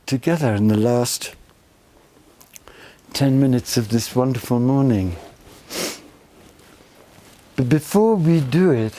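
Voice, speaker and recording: An older man giving a spiritual talk to a retreat group, expressive and effusive, teasing his listeners fondly. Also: medium pitch, no echo. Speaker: spiritual teacher.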